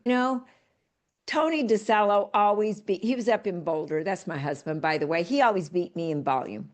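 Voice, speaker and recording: An older woman giving a motivational talk as a real estate coach, emphatic, folksy and direct. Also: medium pitch.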